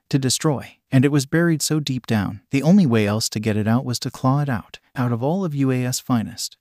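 A man's voice: medium pitch, darkish tone, no room sound, clean studio sound. A man narrating a fan fiction story, reading every ellipsis aloud as "dot dot dot".

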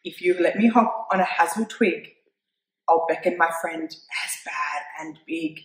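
A crafty little male mouse from a storybook, as a woman reader puts him on, sly and measured. He speaks slowly, and the room rings with echo. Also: fairly low pitch, far from the mic, close to an everyday voice. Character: small clever male mouse, calm and crafty.

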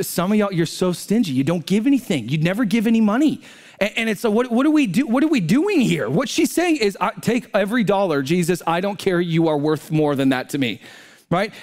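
A male pastor preaching a sermon, animated and direct, with rhetorical questions to his congregation and sharp swings between low asides and high, emphatic bursts.

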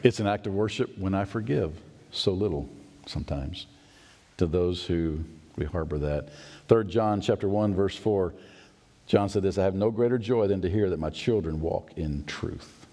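Speaking at a moderate pace in a low, mellow voice, this middle-aged pastor tells a family story during his sermon. He performs the characters' voices and throws in asides as he goes.

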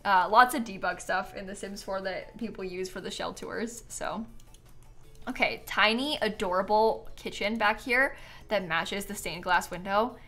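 A woman's voice: medium pitch, measured pace, bright, forceful tone, faint music behind. A woman chatting casually to viewers on a live game stream, bubbly and giggly, a bit tired and yawning.

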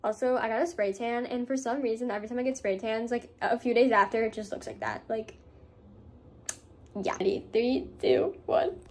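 A woman's voice: fairly high pitch, fairly even intonation, normal speed, a little mellow. Giggly rambling young woman vlogger. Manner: giggly, rambling, lots of fillers. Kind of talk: casual vlog chat. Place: home at night, then outdoors on a walk.

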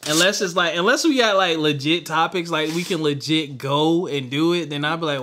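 A young adult man co-hosting a podcast, venting candidly in casual chat and trailing off into quiet mutters. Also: on the high side, brisk. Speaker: podcast co-host.

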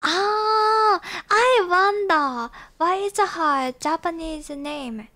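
High-voiced playful woman streamer. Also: takes it slowly, sharp tone. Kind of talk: casual game-stream chatter. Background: background music.

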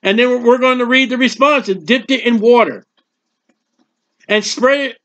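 Emphatic high-voiced man preaching. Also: fairly bright tone. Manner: emphatic, repetitive, conversational asides with quick jokes. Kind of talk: verse-by-verse Bible teaching. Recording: dull lo-fi recording.

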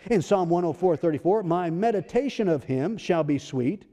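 A man's voice: high-pitched, lively intonation, normal speed, few pauses, warm tone. Man preaching in a reverberant church. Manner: preaching with rising emphasis and rhetorical questions. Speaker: pastor. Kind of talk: sermon. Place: church sanctuary. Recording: long church-hall reverb.

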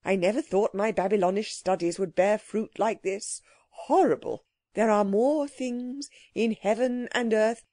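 A kindly, bewildered male scholar from a storybook, as a woman narrator plays him. He muses slowly and uneasily, with a mellow, dry sound. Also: medium pitch, no room sound, lightly acted. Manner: slow, uneasy, musing.

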